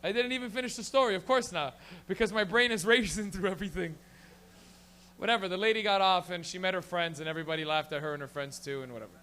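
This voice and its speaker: Here a Canadian man with a high, bright, forceful voice hosts open mic comedy in a small lounge. Handheld mic in hand, he spins rapid, rambling stories full of profanity from the stage.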